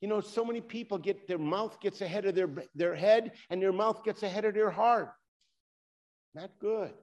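A man with a high voice delivers a sermon. He talks straight to his listeners, pushing some lines hard and letting others drop low. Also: moderate pace, darkish tone. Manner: preaching with rising and falling emphasis, addresses listeners directly. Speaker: pastor.

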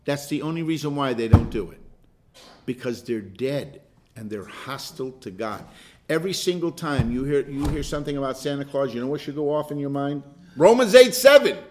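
A man, a pastor, leading a Bible study group, telling stories in a chatty, animated way with repeated words and laughs. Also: mid-range voice, a little fast, a little hiss or hum. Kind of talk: casual group discussion and storytelling.

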